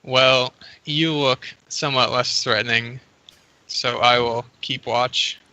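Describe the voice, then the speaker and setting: Male player, flat and bright, dry understated manner. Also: mid-range voice, takes it slowly, smooth, dry recording, dull audio. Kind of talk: tabletop role-play over a call.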